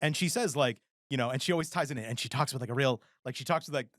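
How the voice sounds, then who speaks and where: A man's voice: mid-range voice, racing, no room sound, studio quality. A man in his forties co-hosting a podcast, chatting casually and acting out quotes as he tells stories. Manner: rambling, animated storytelling with acted-out quotes. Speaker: podcast co-host. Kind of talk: casual chat.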